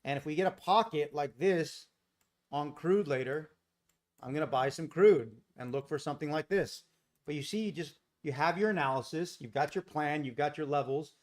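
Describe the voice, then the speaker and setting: With a slightly high voice at a moderate pace, a man runs a live trading stream from home in Costa Rica. He's relaxed, reads out chat viewers' names as he answers them, and talks into a desk mic with no boom arm.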